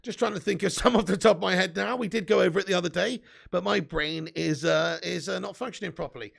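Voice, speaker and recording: Gravelly-voiced young man. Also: high voice, fast, a bit bright. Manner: banter with frequent swearing and laughter. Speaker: live-stream host. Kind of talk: casual live-stream chat.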